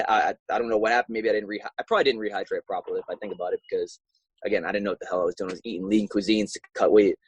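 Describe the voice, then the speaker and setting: A young man and professional fighter telling his story in a casual interview, animated and acting out his own past reactions. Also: on the low side, rapid-fire, slightly rough, poor audio.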